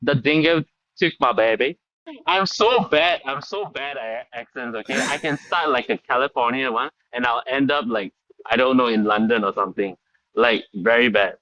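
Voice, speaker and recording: A man's voice: mid-range voice, moderate pace, sharp tone. Hesitant male guest on a dull line. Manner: friendly, hesitant, lots of um and like. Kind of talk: casual interview chat.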